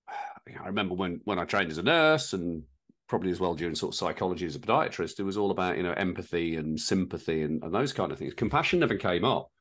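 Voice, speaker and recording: A man's voice: deep voice, expressive, fast talker, fairly bright tone. A man co-hosting a podcast, reflecting in casual chat with restarts and wry asides. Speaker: podcast co-host.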